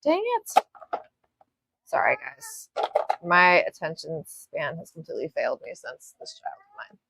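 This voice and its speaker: A woman's voice: low voice, moderate pace, vocal fry, sharp tone, breathy edge, no room sound. A young woman hosting a live nail art tutorial from her home studio, chatting casually, rambling and often breaking off to apologize. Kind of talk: casual live-stream chat while demonstrating.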